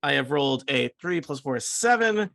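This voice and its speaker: A man narrates a tabletop game as dungeon master, his voice bright and slightly high. He talks in a chatty, halting way, full of fillers and laughter. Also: expressive, gravelly.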